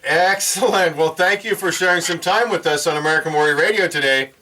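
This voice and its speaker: A man's voice: fairly high pitch, fairly quick, sharp tone, poor audio. A man hosting a radio talk show, welcoming a caller and joking with her, laughing easily. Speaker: radio host.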